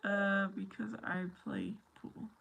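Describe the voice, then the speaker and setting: A woman's voice: medium pitch, flat delivery, takes it slowly, creaky, a bit bright, husky. A woman hosting a casual live chat, talking to her viewers by name, playful and laughing often. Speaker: livestream host.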